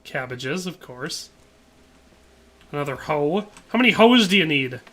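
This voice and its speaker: A man streaming a game talks casually and rants in exasperation as he reads chat aloud. His slightly high voice is animated, pushed, and bright, delivered at a measured pace.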